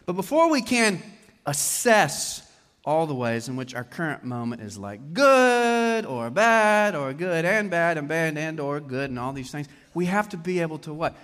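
A man preaching a sermon to a congregation in an animated way, often putting questions to his listeners. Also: a little high. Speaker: pastor. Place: church hall with congregation. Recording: long hall reverb.

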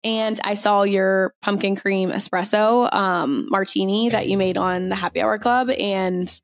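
A young woman co-hosts a laid-back podcast, chatting and rambling with lots of filler words and small giggles. Her voice sits at a middle pitch with fairly even intonation and a measured pace. The recording is dry and close, with no room sound.

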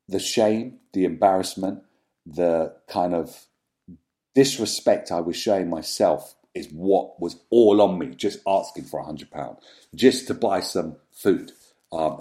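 A man with a deep, dark and mellow voice talks candidly about his past as an interview guest. He is reflective and halting, and often trails into ums and restarts. His delivery is unpolished and personal. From London, England.

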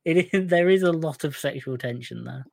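A man's voice: on the high side, creaky, darkish tone, no room sound, studio quality. Laughing man ranting about a film. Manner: laughing, bursts into fast rants. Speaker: podcast co-host. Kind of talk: casual movie-review chat.

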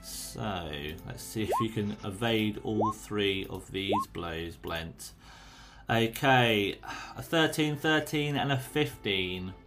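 A man's voice: lowish voice, music in the background. Man running a tabletop game. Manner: descriptive, unhurried, encouraging to players. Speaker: game master.

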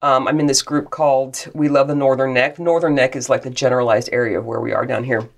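A woman's voice: rumbling low, steady tone, fast talker. A woman co-hosting a podcast in casual chat, telling stories with animation, laughter and swearing. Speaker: podcast co-host. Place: closet in a cottage. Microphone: portable mic.

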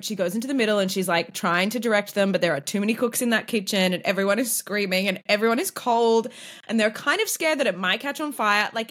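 Animated, sweary woman podcast host. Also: on the high side. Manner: animated, sweary, laughs often. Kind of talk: casual chat recapping a TV show.

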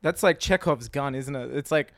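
A man's voice: mid-range voice, moderate pace, a bit bright, no echo. A man co-hosting a comedy podcast, riffing in rambling, self-interrupting bursts. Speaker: podcast co-host. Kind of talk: casual comedy chat.

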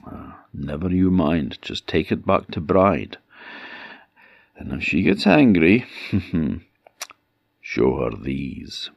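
A kindly old winter spirit from a spoken folk tale, voiced by a male storyteller. He reassures gently in a deep, gravelly voice, recorded close and dry. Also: sing-song, slow, no room sound, muffled recording, exaggerated voice. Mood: reassuring.

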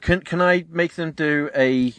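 A young man co-hosting a podcast in casual chat, recorded in a parked car, animated and quick to laugh. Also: on the high side. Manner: chatty, animated, laughs often. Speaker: podcast co-host.

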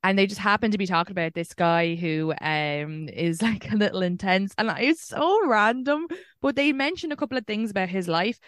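A young Irish woman hosting a podcast, telling dating stories in a casual video call, animated and swearing freely. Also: medium pitch, normal speed, no room sound, studio quality. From Ireland. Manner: swearing storyteller, animated retelling. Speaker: podcast host.

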